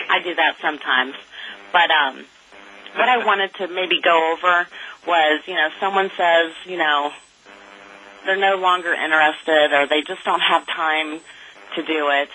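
Bright-voiced chatty woman. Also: low voice, a little slow, slightly rough, low-quality recording. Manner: chatty, many "um" and "you know" fillers. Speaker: appointment setter. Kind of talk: casual call explaining her work.

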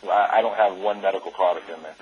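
An insurance agent, a man, describing his appointments in an animated way, full of "I mean" and "you know", on dull lo-fi call audio. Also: low voice, quick pace, a little hiss or hum. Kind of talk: casual call describing field work.

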